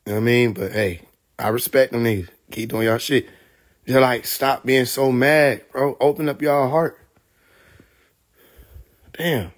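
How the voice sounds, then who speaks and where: A man from Atlanta, telling profane, animated stories on a live stream, laughing often. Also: mid-range voice, a little slow, long pauses. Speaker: livestream host. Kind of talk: casual storytelling on a live stream.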